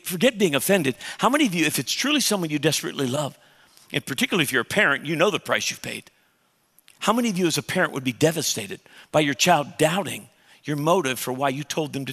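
A man's voice: a little high, bright, forceful tone, husky, big-room sound. A man pastor preaching a sermon, emphatic and conversational, putting questions to the congregation.

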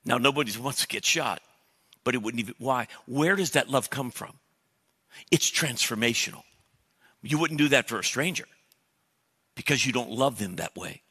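A man preaches in a church, his bright, forceful voice ringing through a long reverberant hall. He tells stories with jokes and acts out his own prayers in an animated way. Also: mid-range voice, moderate pace, pauses often, husky. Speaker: pastor. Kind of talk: sermon.

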